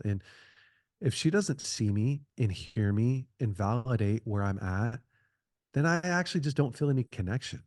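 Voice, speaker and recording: A man's voice: mid-range voice, animated, moderate pace, a little mellow, dry recording, clean studio sound. A middle-aged man speaking as a podcast guest, giving earnest advice in a conversational way, repeating and restarting his phrases.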